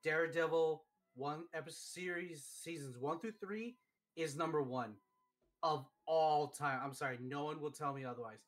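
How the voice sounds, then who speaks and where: A man hosting a live stream, chatting casually and telling stories excitedly, with lots of fillers. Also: fairly high pitch, normal speed, soft background music. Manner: excitable, animated storytelling with many fillers. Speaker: streamer host. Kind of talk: casual chat.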